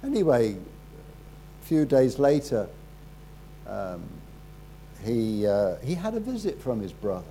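A man preaching a sermon, telling a story in a halting way, repeating words and dropping quiet at solemn moments. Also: mid-range voice, sing-song, slight background noise, poor audio.

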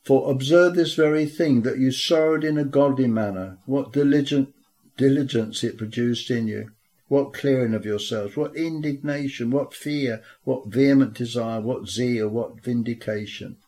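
A man's voice: mid-range voice, normal speed, warm tone, rough recording. A man preaching a sermon, reading scripture aloud and asking rhetorical questions, ending in prayer.

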